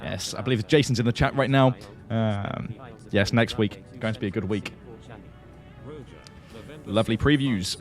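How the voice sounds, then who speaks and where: A man's voice: lowish voice, normal speed, long pauses. A man hosting a flight simulator livestream, chatting casually, answering viewers and laughing often.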